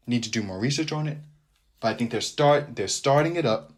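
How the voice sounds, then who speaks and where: A man's voice: medium pitch, fairly quick. A man hosting a casual sports podcast, joking around, repeating his phrases and sliding into a sing-song delivery. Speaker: podcast host.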